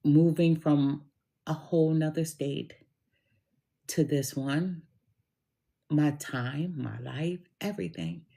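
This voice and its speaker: Middle-aged woman, low mellow voice, unhurried storyteller talking straight to camera. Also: expressive, vocal fry. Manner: slow, deliberate and emphatic, addresses listener directly. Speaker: tarot reader telling a personal story. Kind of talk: casual storytelling monologue.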